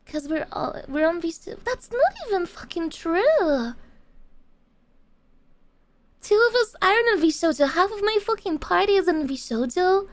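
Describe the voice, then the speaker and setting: A woman's voice: extremely high pitch, expressive, a little fast, hardly any pauses, no echo. A young woman streamer chatting casually to her viewers, swearing a lot and using gamer slang. She swings between giggles and rants. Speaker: VTuber streamer.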